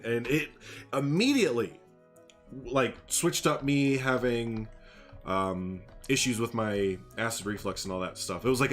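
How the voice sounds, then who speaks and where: A man's voice: on the low side, fairly bright tone. A man live-streaming a game, chatting casually with his viewers in a rambling, jokey way and laughing often.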